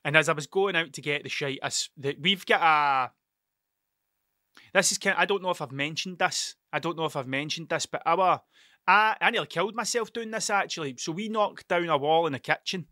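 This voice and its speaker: A Scottish man in his thirties with an Ayrshire accent tells a long, digressive story full of swearing and restarts. His voice sits fairly high and sounds bright and edgy. The recording is close and dry, with no room sound. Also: fairly quick, no echo. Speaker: podcast host. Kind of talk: rambling solo storytelling.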